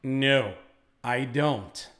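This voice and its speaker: A man's voice: mid-range voice, extremely slow, fairly bright tone. A man voicing a polite young Brazilian exchange student who gives earnest answers.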